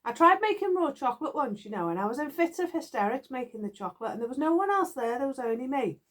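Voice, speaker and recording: A middle-aged British woman chatting away to her viewers in a rambling, giggly way. Her voice sits a little high and swings widely in pitch. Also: big pitch swings, fast, fairly bright tone. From United Kingdom. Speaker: knitting vlogger. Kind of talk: casual chat to viewers. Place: garden shed.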